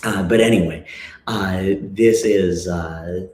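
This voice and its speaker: A man's voice: low voice, a little mellow. A man in his thirties from Minnesota, chatting casually between songs on his livestream and often stopping on fillers. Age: 30s. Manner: halting, full of "uh" and "you know" fillers. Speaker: musician hosting a livestream. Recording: echoey room with faint guitar.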